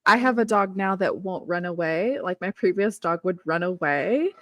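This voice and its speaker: A woman's voice: fairly low pitch, lively intonation, moderate pace, a bit bright, no echo. A woman in a friendly casual chat, telling a pet story and laughing along.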